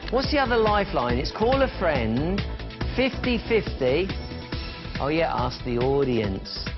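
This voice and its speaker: A man's voice: fairly high pitch, very animated, measured pace, dull audio. A man presenting live on a shopping channel, chatting and counting down falling prices. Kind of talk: live TV sales pitch. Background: music.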